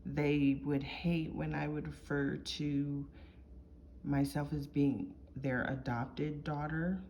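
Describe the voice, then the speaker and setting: A woman shares her life story in a confessional, heartfelt way. Her voice sits a little low, and she takes her time with each thought. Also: flat delivery, slow pace, darkish tone, a little hiss or hum. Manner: earnest, reflective, heartfelt.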